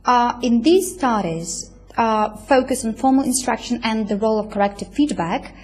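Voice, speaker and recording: A woman delivers a recorded university lecture. Her voice sits a little high, and she talks unhurriedly, padding her points with fillers and checking in with her listeners as she goes. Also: lively intonation, a little mellow. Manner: explains slowly with many fillers, checks with "right?".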